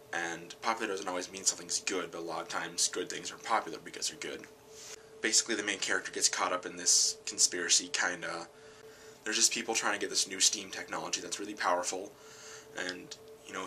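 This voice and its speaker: A tired man rambling casually about an anime film, correcting himself often and getting animated when something annoys him. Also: deep voice, slight background noise, rough recording. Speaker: channel host.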